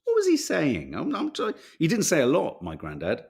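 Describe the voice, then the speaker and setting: A chatty man from England co-hosts a casual talk show, wandering off into tangents and swearing freely. His pitch swings up and down a lot as he talks. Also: huge pitch swings, moderate pace, creaky, husky. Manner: rambling, sweary, chatty, reads out viewer names. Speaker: podcast co-host reading viewer comments. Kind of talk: casual chat.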